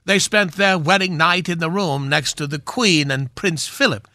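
Guesting on a radio comedy bit, a man voices a pompous, aging film swashbuckler who has been knighted. His slightly high voice is pushed and bright, his delivery grand, theatrical, and drawn out, with clean, echo-free studio sound.

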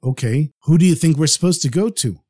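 A man's voice: on the high side, fairly quick, dark tone, lightly acted. A man storyteller voicing a worried father who sounds eager and hopeful. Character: worried father seeking help.

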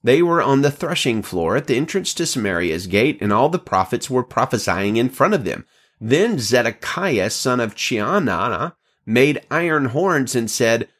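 A man reading scripture aloud at an unhurried pace, with occasional slips and self-corrections, lifting his pitch for quoted speech. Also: lively intonation, a bit bright. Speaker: scripture reader.

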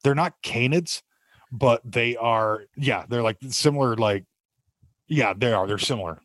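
Podcast co-host, young guy, animated storyteller, dry close sound. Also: mid-range voice, a little slow, no echo. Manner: animated storyteller, swears a lot, laughs often. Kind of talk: casual chat.

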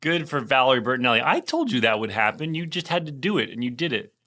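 A middle-aged man co-hosts a podcast in casual chat. His voice is bright and mid-pitched, and he jokes in a dry, teasing way, often at his own expense. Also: sing-song, quick pace. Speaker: podcast co-host.

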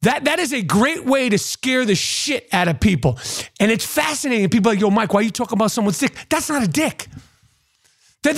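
Man, podcast host, profane rant, mocking tone, repeats himself, animated delivery. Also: extremely high pitch. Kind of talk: profane ranting monologue to camera.

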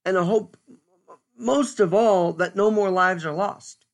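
A man giving an earnest, stern solo commentary as a podcast host, speaking deliberately with pauses. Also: high voice, creaky.

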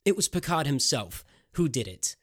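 A man's voice: a little high, big pitch swings, moderate pace, dry recording, studio quality. A man voicing a vengeful masked male stranger who lays out his crimes in a relentless, accusing voice.

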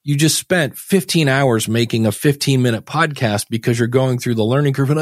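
A man's voice: medium pitch, moderate pace, few pauses, no echo, clean studio sound. A man from the United States speaking as a guest on a podcast, folksy and chatty, often acting out the voices of people he quotes. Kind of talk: casual chat.

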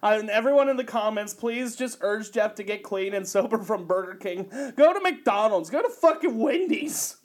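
Teasing man with a lively voice. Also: high-pitched, normal speed, few pauses. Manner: teasing, crude, laughing often. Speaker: podcast host. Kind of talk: casual comedic chat.

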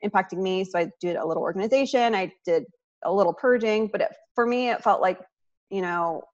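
A woman decluttering coach speaks as a podcast guest. She is earnest and reflective, with a middle pitch and small laughs. Her audio is slightly dull and muffled. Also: fairly quick. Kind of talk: casual conversation.

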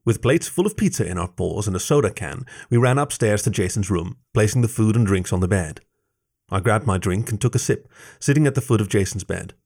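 A man reading a first-person story aloud with expressive narration. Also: fairly low pitch, a little fast, creaky, slightly rough.

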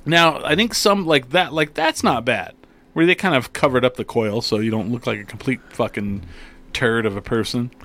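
A man co-hosting a casual chat, animated and profane, telling stories. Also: medium pitch, moderate pace. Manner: animated, swears, tells stories. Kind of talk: casual banter.

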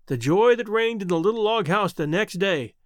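A man reads a storybook aloud with a highly lively, rising and falling voice. His pitch sits high for a man. The sound is close and dry, with no room around it. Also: normal speed, no room sound. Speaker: audiobook narrator. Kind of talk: storybook narration.

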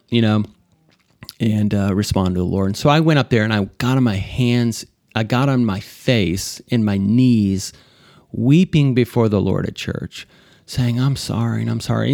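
A man's voice: mid-range voice, darkish tone, no room sound, studio quality. A man hosting a podcast, telling a personal faith story in a loose, rambling way with many fillers. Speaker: podcast host. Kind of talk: casual spoken testimony.

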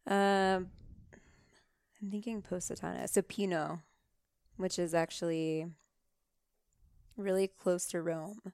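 A woman's voice: on the low side, fairly even intonation, slow pace, long pauses, a little mellow, clear, resonant tone, no room sound, clean studio sound. A young woman guest on a podcast, chatting casually and laughing easily, with lots of "like". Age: young adult. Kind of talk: casual chat. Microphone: close podcast microphone.

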